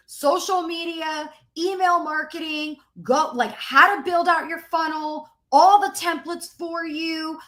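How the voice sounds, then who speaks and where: Host: high-pitched woman coach, emphatic and repetitive, live sales stream, greets her chat. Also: fairly bright tone. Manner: emphatic, repetitive, talks to viewers joining the chat. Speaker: business coach hosting a live masterclass.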